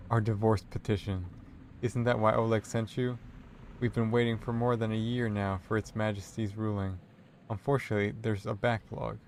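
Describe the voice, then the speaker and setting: A man's voice: fairly low pitch, level tone, normal speed, darkish tone, a little hiss or hum, close to an everyday voice. A man voicing a fussy, prim older female librarian who sweetly evades questions and calls people dearie, in a narrated text game. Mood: agitated.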